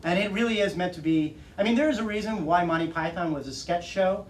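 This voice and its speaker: A man with a slightly high voice tells stories to a bookstore audience, laughing often and acting out the lines of other people. The recording is roomy and distant, with light hiss. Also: quick pace. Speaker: author at a bookstore talk. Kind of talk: casual storytelling to an audience. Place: bookstore event room. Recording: roomy audio from far off.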